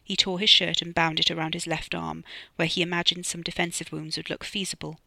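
Crisp, bright audiobook narrator. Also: medium pitch, little pitch movement, brisk, dry recording. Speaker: author reading own novella.

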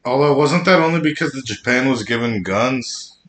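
A man's voice: mid-range voice, expressive, normal speed, fairly bright tone, reverberant. A young man from the United States bantering bluntly on a casual podcast.

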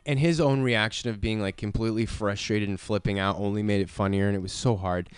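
A man with a lowish, smooth voice tells casual stories on a podcast and laughs often. He is recorded dry and close, with no room sound around him. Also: steady tone, a little fast, dry recording. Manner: laid-back storyteller, laughs often, shouts when quoting. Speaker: podcast host. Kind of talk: casual chat.

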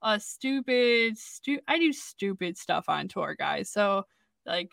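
A woman's voice: medium pitch, very animated, slow pace, creaky, fairly bright tone, dry recording. A woman co-hosting a music radio show, chatting casually in a rambling, giggly way. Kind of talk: casual chat.

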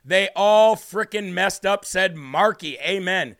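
A man's voice: sits high, takes it slowly, a bit bright. A man hosting a live political commentary stream, talking in an emphatic, fired-up way and reading out comments from the live chat. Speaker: political livestream host.

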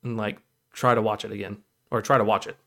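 A man's voice: on the low side, level tone, fast talker, a bit bright. A man co-hosting a casual podcast chat, rambling and laughing at his own stories. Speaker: podcast co-host.

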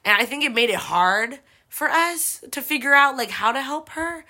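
A woman's voice: sits high, expressive, moderate pace, pushed and bright. A young woman from the San Francisco Bay Area, hosting a podcast and telling a rambling, profane story with a lot of "like". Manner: profane, rambling, heavy use of like. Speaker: podcast host. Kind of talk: casual storytelling.

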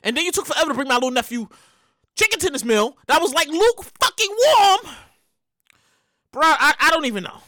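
A woman hosting a show, telling a profane, animated story in a rant that keeps bursting into shouts. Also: sits high, brisk, pauses often, dry recording, studio quality. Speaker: show host.

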